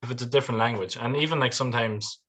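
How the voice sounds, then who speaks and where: An Irish man chatting casually as a podcast guest, animated and laughing often. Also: medium pitch, racing. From Ireland.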